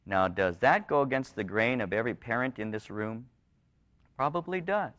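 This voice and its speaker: A middle-aged male pastor preaching a sermon in a church, rising into pleading passages and dropping into low, hushed ones. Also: animated, normal speed.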